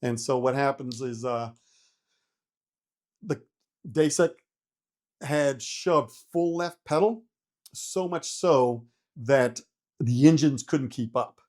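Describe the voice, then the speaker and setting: A man's voice: mid-range voice, takes it slowly, pauses often, a little mellow. A middle-aged man, a retired helicopter pilot, telling a story in a casual interview and acting out his own panicked reactions, swearing freely.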